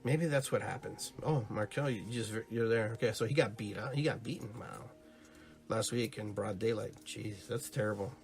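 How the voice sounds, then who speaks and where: A man's voice: on the low side, normal speed, vocal fry. A man hosting a live-streamed podcast, chatting casually and rambling, who greets his viewers and acts out little stories. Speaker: podcast host.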